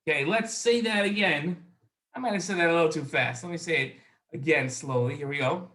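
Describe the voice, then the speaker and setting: A high-voiced man hosts a children's learning show with an upbeat, eager delivery. His tone is bright and forceful, and he repeats phrases so young viewers can follow. He records it on his own. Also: a little fast. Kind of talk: children's educational show hosting. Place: alone in a recording space.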